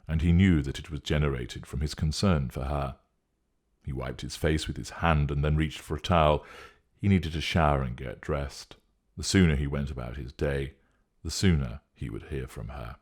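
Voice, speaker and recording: A man narrating a story in a steady, measured reading voice. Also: a bass voice, slightly rough.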